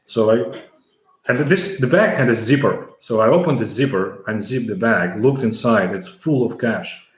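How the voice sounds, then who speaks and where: Low-voiced man telling a story. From former Soviet Union. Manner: halting, many fillers and restarts. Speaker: interview guest, former pro cyclist. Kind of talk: conversational storytelling. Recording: echoey room.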